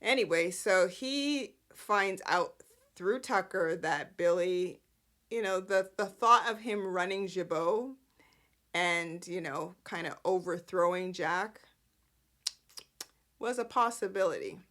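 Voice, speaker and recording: A woman's voice: lowish voice, slow, fairly bright tone. A woman hosting a podcast, recapping soap opera episodes in a chatty, sarcastic way with lots of "like" fillers. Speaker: podcast host.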